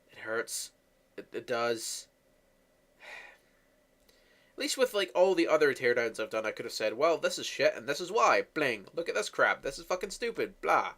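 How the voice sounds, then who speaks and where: A man's voice: mid-range voice, fairly bright tone. A man giving a profane, mocking comedic movie rant as a reviewer.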